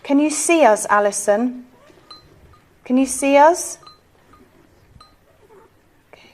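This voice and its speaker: A woman leading a ghost-hunt séance, asking soft, coaxing, pleading questions. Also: high-pitched, expressive, takes it slowly. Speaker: séance leader.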